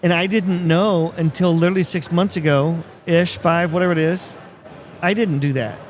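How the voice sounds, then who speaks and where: Higher-voiced man hosting outdoors. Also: steady tone, normal speed. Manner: affirming listener, reflective. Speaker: podcast host. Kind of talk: casual chat.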